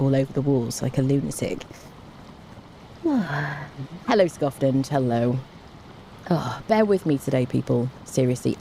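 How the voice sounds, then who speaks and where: A woman's voice: low voice, mellow, slight background noise. A young woman streaming a game, chatting casually and self-mockingly as she greets viewers by name. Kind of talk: casual live-stream chat.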